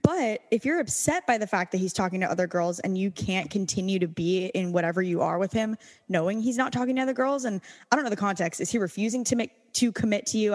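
A woman's voice: medium pitch, a little mellow, big-room sound. Young woman giving frank dating advice. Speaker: podcast co-host. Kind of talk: casual chat.

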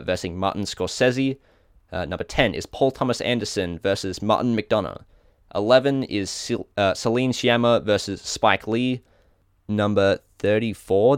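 Clear and resonant, his voice sits on the low side, captured at studio quality with no echo. He's an Australian co-host on a laid-back podcast, working through a list and tripping on difficult names before correcting himself.

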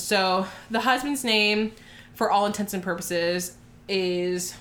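A woman tells a story in a brash, profane, lively way. She chats casually, trading remarks with her co-hosts. Her voice sits at a middle pitch and carries a roomy echo. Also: measured pace. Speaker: podcast co-host.

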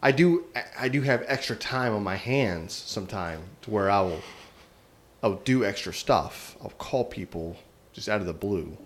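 A man's voice: lowish voice, lively intonation, normal speed, a little hiss or hum. A man telling a long prank story in casual talk, rambling with many restarts and laughing at himself.

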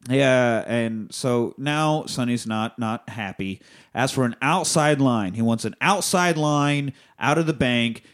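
A man hosting a podcast who recaps a movie in a loose, profane, rambling way. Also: a little high. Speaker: podcast host.

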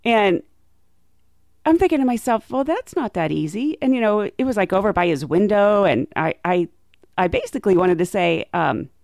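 A young woman flight attendant telling stories in a chatty way, laughing often and acting out quotes in a higher voice. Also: expressive, normal speed, darkish tone, no room sound, clean studio sound. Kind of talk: casual storytelling monologue.

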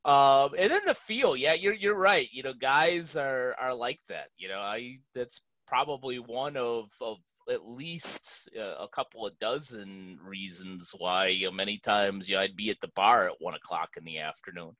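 A man's voice: medium pitch, moderate pace, few pauses, bright, forceful tone, no room sound, poor audio. A man hosting a podcast, talking in a loose, conversational way with lots of fillers. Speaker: podcast host. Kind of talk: podcast interview.

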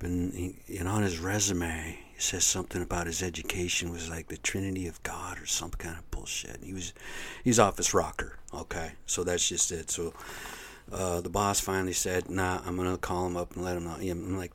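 A low-voiced man holds forth in a casual, rambling rant to his audience. He swears constantly and grows agitated, circling back over his points. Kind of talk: ranting casual monologue.

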